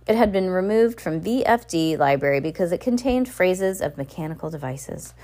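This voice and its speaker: A woman's voice: lowish voice, animated, normal speed, warm tone, lightly acted. A woman reading the lines of an earnest, bookish teenage boy who explains things eagerly. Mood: explaining.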